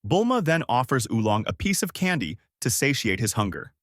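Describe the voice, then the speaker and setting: A man narrates a fan story in a plain read-aloud manner. His pitch moves a lot, and the recording is dry and close. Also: big pitch swings, brisk, dry recording.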